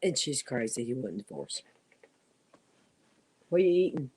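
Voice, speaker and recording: A woman's voice: extremely low pitch, very animated, moderate pace, mellow, husky, low-quality recording. A middle-aged woman chatting casually from home while crafting, easygoing and laughing as she talks. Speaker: live stream guest.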